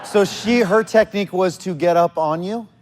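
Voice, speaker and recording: A man with a high speaking voice cuts in with quick, teasing remarks during a live podcast on stage. A faint noise runs behind him. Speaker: podcast co-host. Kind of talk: comic banter on a live stage show.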